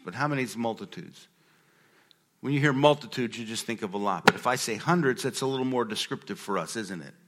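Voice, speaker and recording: Male pastor, bright and forceful tone, conversational sermon with scripture reading. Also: mid-range voice. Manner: conversational, reads aloud and asks the room questions.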